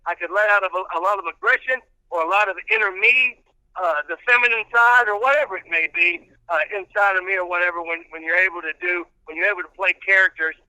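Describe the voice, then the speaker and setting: A man's voice: high voice, quick pace, bright, forceful tone, clean tone, no echo, low-quality recording. An older man, a radio personality, telling rambling stories in casual podcast chat with many restarts.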